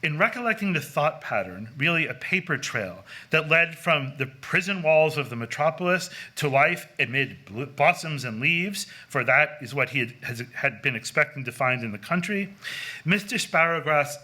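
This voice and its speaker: Bright-voiced man giving an academic lecture. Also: fairly high pitch, expressive, moderate pace. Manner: scholarly, with frequent fillers and self-corrections. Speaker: conference speaker. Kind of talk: academic lecture reading from a paper. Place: lecture hall.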